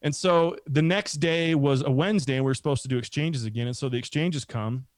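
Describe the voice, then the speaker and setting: A man's voice: mid-range voice, a little fast, dry recording. A middle-aged man telling a long story in a casual, rambling way, acting out what other people said. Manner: rambling, animated, acts out quoted voices.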